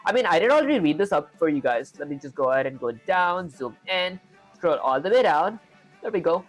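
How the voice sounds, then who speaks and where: A man's voice: on the high side, big pitch swings, a little fast, soft background music. A young man with an Indian accent live-streaming his coding, thinking aloud through each step and chatting with viewers.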